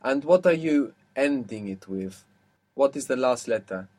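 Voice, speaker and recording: A man leads an audio language lesson, explaining spelling and stress step by step. He pauses to quiz his student and walks through each answer patiently. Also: mid-range voice, lively intonation, a little mellow. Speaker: language teacher.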